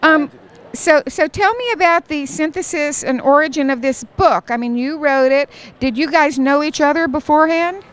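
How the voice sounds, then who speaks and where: High-voiced bubbly woman interviewer. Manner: bubbly, enthusiastic, quick to laugh. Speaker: interviewer for a book channel. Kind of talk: upbeat live booth interview. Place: conference booth, indoors.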